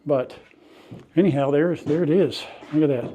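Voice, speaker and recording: A man's voice: on the high side, moderate pace, warm tone, muffled recording. An older man narrating casually to viewers as he cleans out an old farm building, in a folksy, chatty way. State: coughing from dust at times. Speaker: farm vlogger. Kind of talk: casual narration while working. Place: old farm outbuilding and yard.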